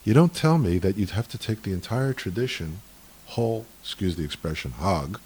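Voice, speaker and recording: A man talking in a lively, argumentative way about tradition, acting out the voices in the stories he tells. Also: deep voice, brisk, slight background noise. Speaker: speaker on Jewish tradition. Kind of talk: animated conversational storytelling.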